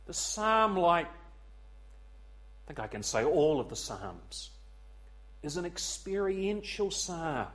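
A man preaching an evening sermon, earnest and pleading, swelling loud and then dropping to a near hush, repeating words as he searches for them. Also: fairly high pitch, very animated, slow pace, pauses often.

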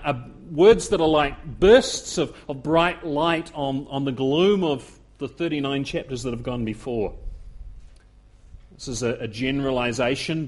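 Male preacher, slightly higher voice, earnest sermon delivery with repeated phrases. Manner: earnest, repeats words, rising emphasis.

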